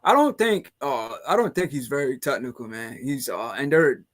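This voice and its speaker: A man's voice: medium pitch, animated, moderate pace, fairly bright tone. A man hosting a casual podcast chat who rambles along, filling his talk with "man" and "you know". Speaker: podcast host.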